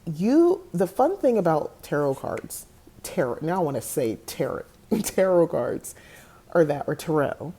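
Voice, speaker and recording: Chatty low-voiced woman host. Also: wildly swooping pitch, normal speed, warm tone, breathy edge. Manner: chatty, laughs often, goes on tangents. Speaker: podcast host. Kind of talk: casual talk to camera.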